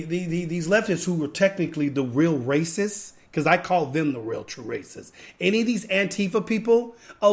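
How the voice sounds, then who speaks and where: A man hosting a podcast, giving an emphatic, repetitive, preachy rant to his viewers. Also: a little high. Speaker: podcast host. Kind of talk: ranting commentary.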